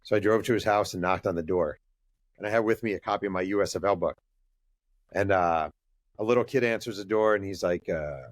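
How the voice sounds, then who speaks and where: A male author, a guest on a podcast, telling stories in a casual, lively way and acting out the dialogue. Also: low-pitched, brisk, dry recording, clean studio sound. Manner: lively storyteller who acts out dialogue and uses many fillers. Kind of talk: casual interview storytelling.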